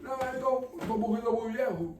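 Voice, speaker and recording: A man's voice: extremely high pitch, fairly quick, darkish tone, slight background noise, pitched above the performer's own voice. A man doing an impression of a genial older male TV variety host who announces like a showman. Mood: hammy showman. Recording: echoey room, mic at a distance.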